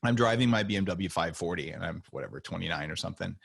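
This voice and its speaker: A man as a podcast guest, telling stories in a casual, animated way and acting out the dialogue. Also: low-pitched, fast, vocal fry, husky, no room sound, studio quality. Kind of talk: casual interview storytelling.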